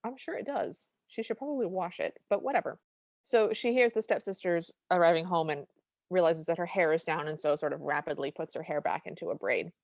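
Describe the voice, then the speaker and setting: A woman's voice: on the low side, brisk, creaky, no echo, studio quality. A woman co-hosting a podcast, recapping a film scene by scene in casual chat and acting out the characters' lines as she goes. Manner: animated retelling with quoted lines. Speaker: podcast co-host.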